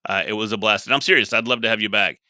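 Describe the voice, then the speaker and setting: Bright-voiced man hosting a podcast. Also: on the low side, very fast, dry recording, studio quality. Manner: friendly, laughs along easily. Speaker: podcast host. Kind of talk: casual podcast interview.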